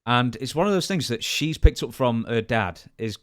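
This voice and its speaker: A man's voice: medium pitch, moderate pace, no room sound, studio quality. A man co-hosting a podcast, asking questions with stammering restarts. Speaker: podcast co-host and interviewer. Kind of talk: casual interview questions.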